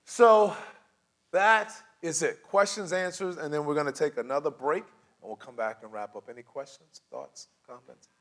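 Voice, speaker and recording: A man's voice: on the high side, moderate pace. A man leading a church class on conflict, speaking in a loose, conversational way. He keeps slipping into quoted voices and laughing as he makes his points. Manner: animated, acts out quoted voices, laughs often. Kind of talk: conversational teaching.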